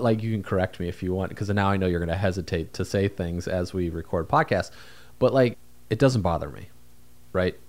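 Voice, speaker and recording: A man's voice: deep voice, a little mellow. A man co-hosting a podcast, talking in a rambling, easygoing, self-deprecating way. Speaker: podcast co-host. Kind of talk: casual podcast chat.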